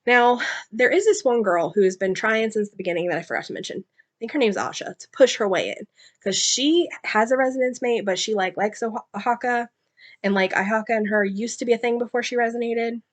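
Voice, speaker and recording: A woman's voice: fairly high pitch, a little fast. A woman chatting casually about novels she has read, retelling the plot with lots of fillers, asides and personal stories. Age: adult, mother. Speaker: book reviewer. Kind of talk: casual book discussion.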